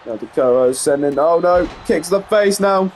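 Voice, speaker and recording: A man giving play-by-play commentary over a wrestling video game, getting excited on big moves and rambling into asides full of fillers. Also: a little high, normal speed, a little hiss or hum. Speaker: gameplay commentator.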